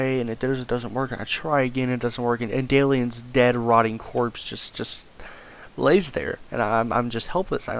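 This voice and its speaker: A man's voice: mid-range voice, vocal fry, fairly bright tone. Stammering, swearing male storyteller. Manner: stammering, repeats words, swears often. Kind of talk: rambling comedic storytelling.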